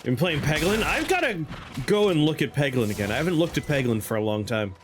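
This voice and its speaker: A man's voice: a little high, sing-song, fast talker. A man casually commenting as he plays a video game, joking around and sometimes breaking into silly voices. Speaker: streamer playing a game. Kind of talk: casual let's-play commentary. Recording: with game music behind.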